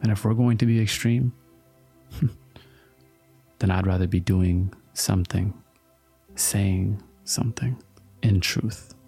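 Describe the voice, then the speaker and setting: A man delivers an earnest motivational talk at a very slow, deliberate pace. His voice is deeply gravelly and a little husky. He keeps asking his listeners whether they understand, over faint background music. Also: fairly even intonation, mellow. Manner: earnest, repetitive, slow-paced, asks "you understand?".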